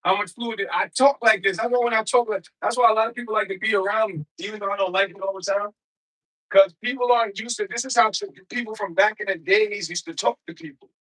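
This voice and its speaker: A man with a high voice chats on his livestream, loose and slangy, drifting from thought to thought. His tone is bright and forward. He keeps breaking off to greet viewers in the chat by name. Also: fairly even intonation, quick pace, low-quality recording. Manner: rambling, talks straight to viewers in chat; loose, slangy everyday speech. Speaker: livestream host.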